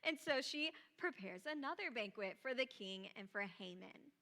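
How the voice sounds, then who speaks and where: A woman preacher delivering a sermon in a church, retelling scripture with lively, casual asides. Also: a little high, moderate pace, big-room sound. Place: church auditorium.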